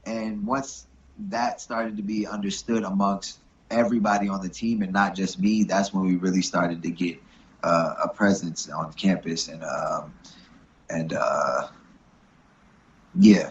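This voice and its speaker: Low-voiced young man, laid-back guest. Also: measured pace, highs cut off. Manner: relaxed, many fillers like "you know what I'm saying". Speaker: rugby coach, guest. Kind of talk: casual interview talk.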